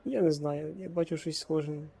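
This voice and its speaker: A man's voice: on the high side, steady tone, fairly quick, creaky, dark tone, slightly rough. A man from Ukraine giving casual let's-play commentary, joking and muttering reactions to the game. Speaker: gaming streamer.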